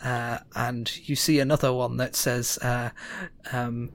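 A man's voice: mid-range voice, little pitch movement, slow pace. A man narrating as game master of a tabletop game, casual and full of fillers.

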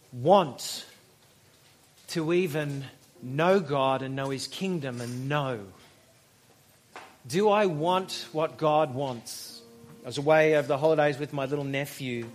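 Male pastor, conversational sermon delivery, storyteller, a little higher-pitched than most men. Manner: conversational, storytelling, with emphatic pauses.

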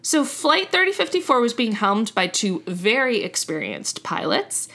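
A woman's voice: on the high side, very animated, measured pace, gravelly, hardly any pauses, fairly bright tone. A young adult woman hosting a casual chat, telling a story with frequent self-corrections and laughing at her own slips. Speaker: podcast host.

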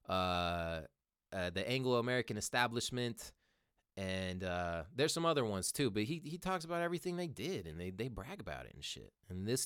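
A man's voice: fairly low pitch, fairly bright tone, no echo, clean studio sound. A young man hosting a casual show, ranting heatedly with lots of swearing and calling listeners "dude". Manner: heated, profane, says "dude" a lot. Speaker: podcast host. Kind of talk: casual profane monologue, reading articles aloud.

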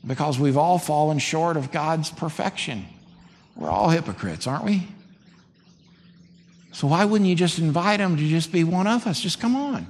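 A man's voice: normal speed, long pauses. Male pastor preaching in a reverberant hall. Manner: conversational preaching, animated swings in pitch. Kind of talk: sermon. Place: church sanctuary. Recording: long hall reverb, faint background noise.

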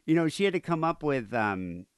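A man's voice: on the high side, very animated, moderate pace, clean tone, dry recording. A man co-hosting a podcast, telling a story in a rambling casual way, full of "uh" and "you know". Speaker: podcast co-host.

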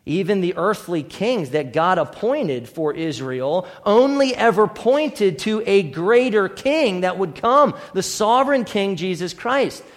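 A man's voice: high-pitched, animated, a little slow, hardly any pauses, big-room sound. A man preaching a sermon as pastor, earnest and building to emphatic declarations. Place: church sanctuary.

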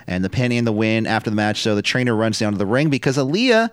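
A man's voice: lowish voice, expressive, quick pace, clean tone, no echo, studio quality. A man co-hosting a podcast, casually recapping wrestling matches, swearing and laughing now and then. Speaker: podcast co-host.

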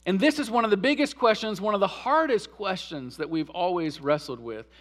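A man preaching a sermon as pastor, earnest, rising loud and impassioned on emotional quotes, then dropping low and quiet. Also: lively intonation, brisk. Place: church sanctuary.

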